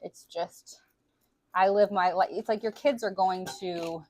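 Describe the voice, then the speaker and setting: A woman in her forties vlogs casually and candidly, chatty and profane, with plenty of filler. She speaks at a measured pace in a steady, darkish mid-range voice over slight background noise.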